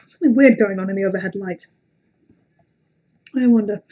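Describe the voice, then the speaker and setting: A woman's voice: mid-range voice, brisk, pauses often, dark tone, dull audio. A young British woman with a British accent, chatting casually on a livestream between horror story readings, rambling, self-deprecating and sweary. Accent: British English. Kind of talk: casual live-stream chat and story reading.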